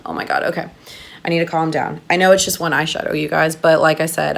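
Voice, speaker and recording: Excitable woman doing makeup. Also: deep voice, fast talker, gravelly. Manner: gushing, excitable, chatty with viewers. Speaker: makeup artist doing a tutorial. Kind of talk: casual makeup tutorial.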